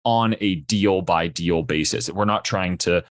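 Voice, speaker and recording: A young man as a podcast guest, explaining his startup in a steady pitching manner. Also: unhurried, no room sound, clean studio sound. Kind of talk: podcast interview.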